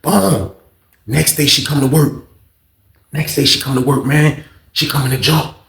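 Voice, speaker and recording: A man telling a storytime vlog story in casual slang, animated and getting louder when excited. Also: medium pitch, unhurried, gravelly, reverberant. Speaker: storytime vlogger.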